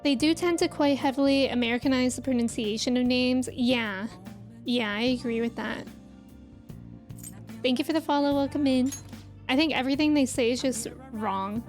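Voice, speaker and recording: A woman's voice: high-pitched, normal speed, faint music behind. A young woman streaming a video game, chatting casually, reading chat aloud and thanking viewers. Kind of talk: casual livestream chat while playing a game.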